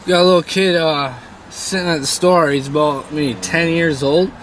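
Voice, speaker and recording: A man's voice: fairly high pitch, fairly even intonation, moderate pace, fairly bright tone, a little hiss or hum. A man joking crudely from a car, swearing as he talks. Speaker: worker on the crew. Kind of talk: profane casual chat.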